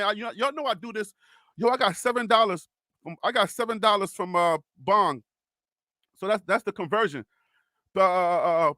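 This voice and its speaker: A man hosting a live sports stream, excitable and teasing, calling out chat names in what he calls his radio voice. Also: sits high, no room sound, studio quality. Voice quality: self-described radio voice.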